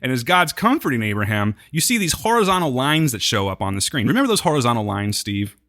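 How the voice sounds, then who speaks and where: A man's voice: mid-range voice, fast talker. A man co-hosting a podcast, recapping a TV episode in casual chat and acting out the characters' lines. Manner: animated, jokey, acts out quotes. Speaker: podcast co-host.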